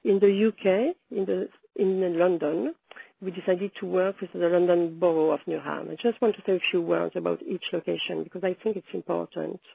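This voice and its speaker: A woman speaking hoarsely from a sore throat, giving a measured webinar presentation with frequent hesitant pauses. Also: on the low side, steady tone, dark tone, dry recording, poor audio. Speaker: presenter, founder of a video project. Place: London.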